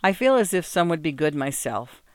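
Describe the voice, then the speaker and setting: A man's voice: fairly high pitch, sing-song, normal speed, no echo, clean studio sound. A man voicing a kindly, cheerful farmer father who talks in plain, homely country speech.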